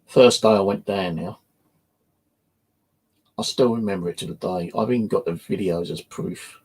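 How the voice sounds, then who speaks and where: An English paranormal investigator and channel host recounts his own ghost story casually and rambling, peppering it with "you know" and swearing. His voice is low, husky, and a little mellow, at a moderate pace.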